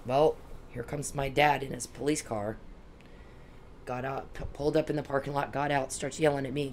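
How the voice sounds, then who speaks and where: A woman's voice: very deep voice, moderate pace, a little hiss or hum. A woman vlogging an angry, confrontational monologue aimed at one man, cursing often and preaching at him.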